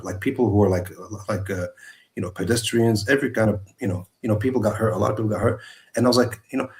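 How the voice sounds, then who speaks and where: A man telling his personal story as a guest over a video call, earnest and halting, with many restarts. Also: lowish voice. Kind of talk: personal testimony.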